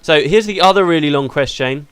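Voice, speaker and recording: A man's voice: a little high, fairly quick, fairly bright tone, smooth, no room sound. A man hosting a let's play, chatting casually through the game and laughing easily.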